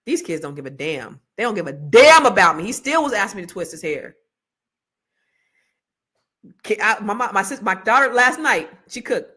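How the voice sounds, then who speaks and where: A woman's voice: mid-range voice, very animated, normal speed, pauses often, sharp tone, husky. Rambling, slangy middle-aged woman host. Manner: rambling, chatty and self-mocking, slangy. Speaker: host selling a money course. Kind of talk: casual livestream chat and sales pitch.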